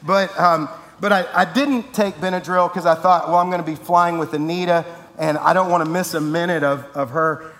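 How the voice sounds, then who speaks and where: Here the pastor speaks at a moderate pace in a steady, slightly high and bright voice. He shares announcements and a funny story with his church, rambling and fixing his own words along the way. The sanctuary leaves a long reverb tail.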